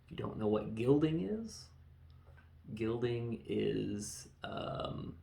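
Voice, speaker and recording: A man hosting a casual film review, excitable and rambling, acting out scenes in quick voices. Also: on the low side, gravelly, reverberant, slight background noise. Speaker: podcast host reviewing a film.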